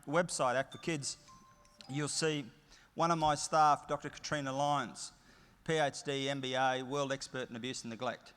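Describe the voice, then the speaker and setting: A man's voice: on the high side, a bit bright. Punchy Australian man in a reverberant hall. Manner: emphatic, storytelling with punchy short phrases. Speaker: keynote speaker. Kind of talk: motivational conference keynote. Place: large conference hall.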